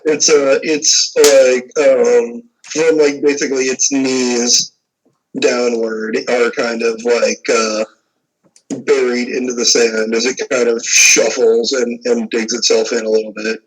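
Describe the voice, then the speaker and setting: A man's voice: mid-range voice, level tone, slow pace, a little hiss or hum, poor audio. A man narrating as game master, describing scenes in a rambling way full of fillers.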